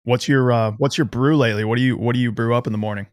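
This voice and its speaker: A man's voice: medium pitch, steady tone, rapid-fire, darkish tone, no echo, clean studio sound. A man hosting a podcast in casual chat, joking banter. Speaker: podcast host.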